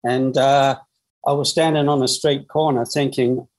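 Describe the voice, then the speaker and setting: An Australian man in his sixties, a former footballer, tells his story in an interview, lively and full of restarts and fillers. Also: medium pitch, measured pace, low-quality recording.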